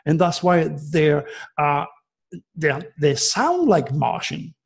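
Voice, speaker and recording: Gravelly man, rambling astrologer. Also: on the high side, sing-song, takes it slowly. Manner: emphatic, digressive explaining. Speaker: astrologer guest. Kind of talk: rambling radio interview talk.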